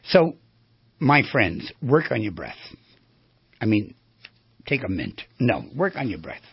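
A male therapist giving a storytelling lecture on the voice, animated and asking his audience questions. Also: fairly low pitch, slow, no echo, muffled recording. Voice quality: very raspy, gravelly.

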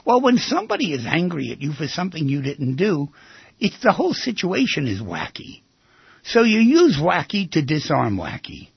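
Older guy doing radio advice, raspy voice, bounces around a lot, acts out bits. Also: fairly high pitch, moderate pace, no room sound, highs cut off. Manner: animated, acts out little scenes in other voices.

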